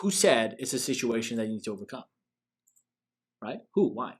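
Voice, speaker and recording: Animated man giving a motivational coaching talk. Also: medium pitch, brisk, breathy edge. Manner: animated, emphatic, rhetorical questions. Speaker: business coach and show host.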